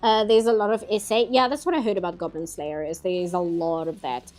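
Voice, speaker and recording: A woman's voice: fairly low pitch, fairly even intonation, fairly quick, darkish tone, faint music behind. A woman, hosting a casual livestream chat and talking easily with frequent laughs. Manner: chatty, laughs often, mock outrage. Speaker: livestream host.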